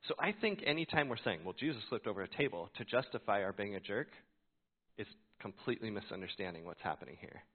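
A male pastor delivers a sermon in an animated storytelling way, acting out his own reactions. His pitch swings widely as he talks. The recording is thin and tinny, like a phone line. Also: fast talker.

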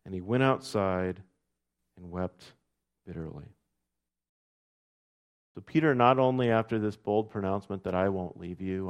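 A man preaching a sermon, reading scripture aloud with rising emphasis and then dropping soft and low. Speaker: pastor.

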